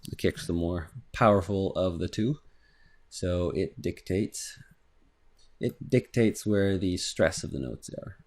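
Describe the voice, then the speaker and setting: A man giving a casual, rambling software tutorial, thinking aloud as he clicks through and humming rhythms. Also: deep voice. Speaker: music production instructor. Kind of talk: screen-recorded software tutorial. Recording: faint electronic music underneath.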